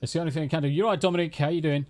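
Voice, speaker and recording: A man's voice: on the high side, steady tone, rapid-fire, darkish tone. Blunt man hosting a chat. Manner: blunt, swears freely. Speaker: podcast host. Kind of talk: casual online chat.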